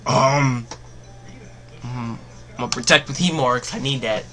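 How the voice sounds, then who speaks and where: A young man giving rambling live commentary on his own game, full of fillers, sliding between glum mutters and excited yells. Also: medium pitch, a little slow, long pauses. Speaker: gaming commentator.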